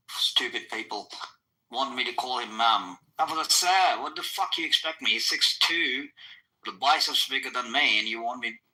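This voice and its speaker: A man in casual podcast chat, telling stories bluntly and profanely with halting restarts. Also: mid-range voice, pushed and bright, rough recording.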